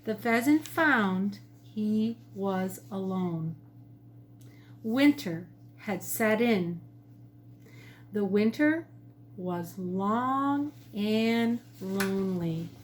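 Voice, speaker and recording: A woman, a teacher, reading her own picture book to children from her home kitchen with gentle, expressive storytelling. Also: mid-range voice, drawn-out words, a little hiss or hum.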